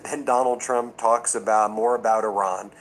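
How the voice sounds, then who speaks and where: A man's voice: steady tone, moderate pace, a little hiss or hum, rough recording. Man giving mocking political commentary. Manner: mocking, mimics quotes in a higher voice. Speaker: commentary host.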